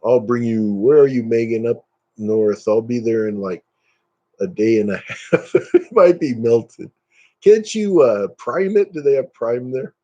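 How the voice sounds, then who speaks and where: Mellow-voiced man ranting on a live stream. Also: lively intonation, a little slow, dull audio. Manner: ranting, dismissive, jumps up in pitch when worked up. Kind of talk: casual live-stream chat with viewers.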